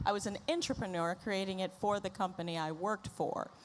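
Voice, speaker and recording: A woman's voice: medium pitch, a little fast, a little hiss or hum. A middle-aged woman speaking as a panelist on a conference stage, playful and wry. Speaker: panelist, agency founder. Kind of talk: panel discussion.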